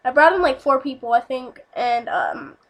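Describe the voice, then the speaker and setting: A woman's voice: sits high, expressive, moderate pace. A young woman telling a casual storytime vlog, rambling with lots of fillers and swearing.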